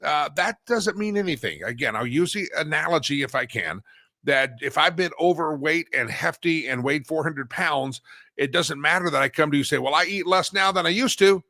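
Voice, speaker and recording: A man hosting a talk show, telling stories in a lively, animated way with frequent laughs and sudden loud bursts. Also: on the high side, moderate pace, no room sound, studio quality. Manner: animated storyteller, laughs often, swings loud. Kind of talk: casual talk show banter.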